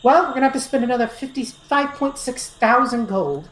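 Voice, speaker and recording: A young woman playing a tabletop game in casual chat, excitable, swearing freely and stammering when upset. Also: a little high, brisk, reverberant, low-quality recording.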